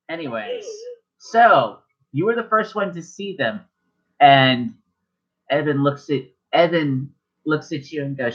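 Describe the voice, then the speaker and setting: A man's voice: a little high, animated, unhurried, fairly bright tone, slightly rough. A man narrating as game master in a casual tabletop session, swearing freely and restarting his sentences. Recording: dull lo-fi home recording.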